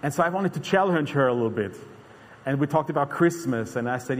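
A man's voice: mid-range voice, animated, brisk. A man preaching a sermon in an earnest, conversational way, often restarting his sentences. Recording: long hall reverb.

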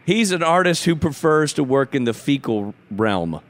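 A man co-hosting a casual podcast chat, a father telling jokey, animated stories about his kids. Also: on the high side, normal speed. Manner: joking storyteller, animated asides. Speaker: guest co-host.

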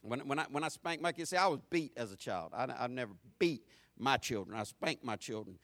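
A middle-aged man, a pastor, preaching with rhythmic repetition, swinging between loud, driving lines and low, hushed ones. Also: expressive, a little fast, dry recording. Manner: repetitive, rhythmic phrasing with homespun asides. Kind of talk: sermon.

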